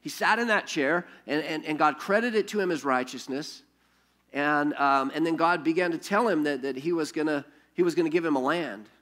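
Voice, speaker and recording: Animated storytelling pastor, man. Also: on the high side. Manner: animated storytelling with frequent restarts and rhetorical questions. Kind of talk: sermon.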